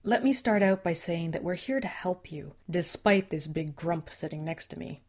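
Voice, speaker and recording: A woman's voice: fairly low pitch, moderate pace, a little mellow, natural voice. A woman voicing a friendly, teasing young male coyote shapeshifter in an audiobook, cheerful and reassuring. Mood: explaining.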